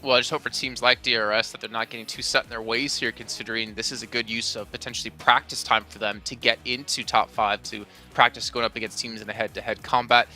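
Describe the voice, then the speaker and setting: A man's voice: medium pitch, little pitch movement, fast, hardly any pauses, sharp tone, soft background music. A man hosting an esports analyst desk, putting questions to his co-hosts. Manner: leads the talk with questions to co-hosts.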